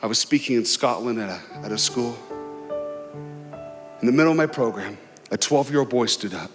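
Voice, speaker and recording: A man giving an emotional, dramatic inspirational talk as a guest speaker before a large crowd, telling a story with pauses and swells. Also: mid-range voice. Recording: long hall reverb, faint music.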